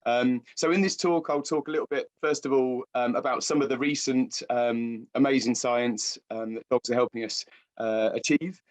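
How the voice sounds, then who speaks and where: A British man with a croaky voice giving a public lecture as guest speaker, hesitant with many fillers and restarts. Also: medium pitch, steady tone, normal speed. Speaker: guest speaker, science writer.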